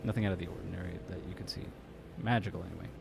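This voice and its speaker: A man narrating as game master in a relaxed, hesitant way with many fillers. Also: low voice, very fast, gravelly, noisy background.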